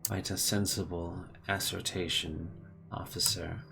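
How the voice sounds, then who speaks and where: A man doing a stern, quietly menacing inquisitor woman. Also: low-pitched, little pitch movement, slow, gravelly, music in the background, exaggerated voice. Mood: dry approval. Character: stern female inquisitor, coldly threatening.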